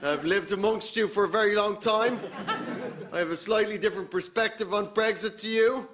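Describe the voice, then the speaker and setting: An Irish man performing live stand-up comedy with excitable, ranting delivery. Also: sits high, moderate pace, crowd noise. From Ireland. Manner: excitable, animated rants. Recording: noisy live venue recording.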